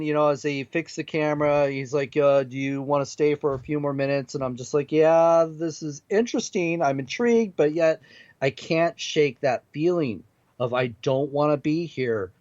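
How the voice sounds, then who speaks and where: A man's voice: medium pitch, a little mellow, dry recording, dull audio. A man, a guest paranormal investigator on a talk radio show, telling a story with animation and laughing at himself. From Seattle area. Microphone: remote call.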